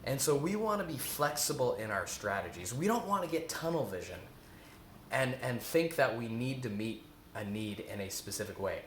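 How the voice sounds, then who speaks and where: A man's voice: mid-range voice, sing-song, moderate pace, fairly bright tone, a little hiss or hum. Earnest man teaching in an echoey room. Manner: earnest and repetitive, asks rhetorical questions. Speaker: eating coach. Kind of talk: spoken self-help lesson.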